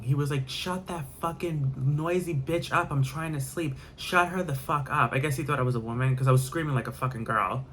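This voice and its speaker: A man's voice: medium pitch, a bit bright, a little hiss or hum. A man telling a candid, rambling story in a casual vlog, sparing no graphic details.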